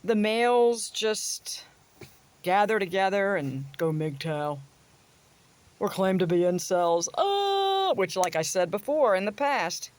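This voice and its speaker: Blunt, crude woman ranting on a vlog. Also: lowish voice. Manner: sarcastic, swings into mocking voices. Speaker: vlogger. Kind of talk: casual opinion rant to camera.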